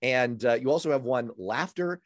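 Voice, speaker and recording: A man hosting a radio talk show and podcast, animated and jokey, introducing and interviewing a guest. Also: medium pitch, no room sound, clean studio sound. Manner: animated, jokey, quick asides. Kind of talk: casual interview chat.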